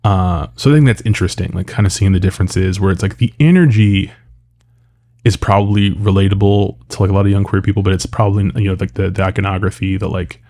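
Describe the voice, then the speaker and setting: Low, mellow-voiced man reviewing a film. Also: fast talker. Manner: rambling, frequent fillers and restarts, swears freely.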